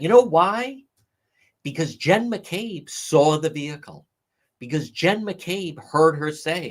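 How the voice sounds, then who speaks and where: A man's voice: fairly high pitch, lively intonation, slow pace. A man giving blunt, profane, sarcastic live commentary on a livestream, mocking people by acting out what they said. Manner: sarcastic and mocking, acts out others' quotes. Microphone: livestream microphone.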